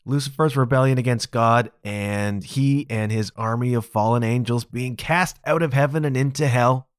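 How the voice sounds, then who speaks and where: A man's voice: mid-range voice, smooth, dry recording, studio quality. A man hosting a podcast, explaining a topic in a casual, emphatic solo talk. He keeps checking in with "okay?" and chuckles at his own asides. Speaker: podcast host.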